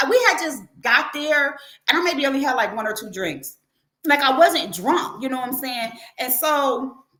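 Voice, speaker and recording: A middle-aged woman hosting a livestream tells a story in a casual way, animated and profane, acting out the quotes as she goes. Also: sits high, reverberant. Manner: animated, profane, acts out quotes in her telling. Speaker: livestream host.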